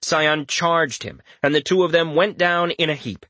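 A man narrating a fantasy audiobook in an expressive storytelling manner. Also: on the high side, moderate pace, no echo.

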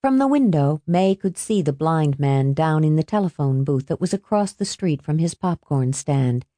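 A woman reading a novel aloud in a measured, expressive narration. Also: low-pitched, no room sound. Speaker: audiobook narrator. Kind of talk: scripted narration.

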